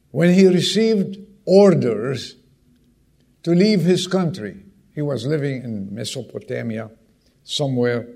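A man's voice: a little high, gravelly, a little mellow. A man preaching a sermon who stresses key words by repeating them and puts direct questions to the congregation.

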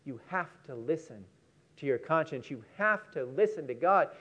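High-voiced man preaching a sermon. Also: animated, a bit bright. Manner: storytelling, emphatic, slows for key words.

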